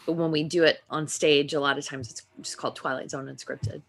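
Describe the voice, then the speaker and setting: A woman's voice: low-pitched, fairly quick, creaky. A woman from Texas, an actress and improviser, telling stories in a casual interview and laughing often. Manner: animated storytelling, laughs often.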